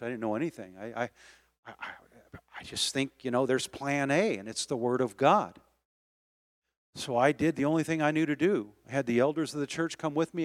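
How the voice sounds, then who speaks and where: Male pastor, sermon delivery, builds from soft storytelling to loud rallying calls, dry close mic. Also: medium pitch, no room sound. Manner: preaching that swells from quiet storytelling to loud exhortation. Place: church sanctuary.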